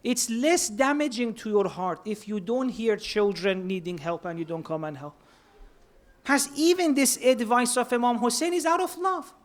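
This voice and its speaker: An earnest man gives a sermon at a religious centre, weaving Persian words into his English. His voice is extremely high-pitched and his speed is normal.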